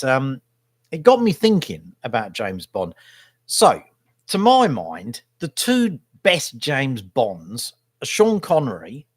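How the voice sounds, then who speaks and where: A man's voice: medium pitch, husky, no room sound, studio quality. A middle-aged man, talking in a casual, rambling monologue as a vlogger, blunt in his opinions and often tagging his sentences with "right?". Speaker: vlogger and local newspaper photographer.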